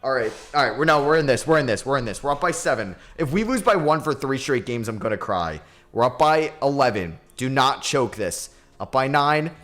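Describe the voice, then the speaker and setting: A young man giving live, excitable commentary while playing a basketball video game, swinging between low mutters and sudden yells. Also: a little fast. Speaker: gaming YouTuber.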